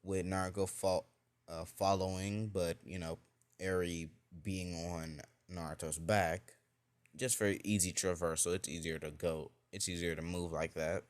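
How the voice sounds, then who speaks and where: A man's voice: deep voice, flat delivery, measured pace, dry recording. A man casually telling a fan-fiction story, rambling and full of fillers. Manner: rambling, full of "like" and "you know".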